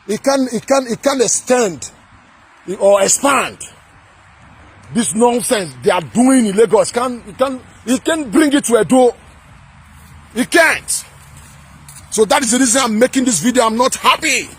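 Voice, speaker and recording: A man from Edo State in Nigeria, with a Nigerian accent, delivering a fiery, repetitive political rant to camera that at times turns to shouting. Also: extremely high pitch, animated, a little slow, pauses often, breathy edge. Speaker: political vlogger.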